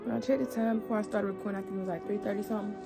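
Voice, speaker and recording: Slangy young woman vlogging over loud music. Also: mid-range voice, steady tone, racing, vocal fry. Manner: chatty, slangy and candid. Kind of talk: casual chat to camera. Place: at home and in a car. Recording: music playing loud behind.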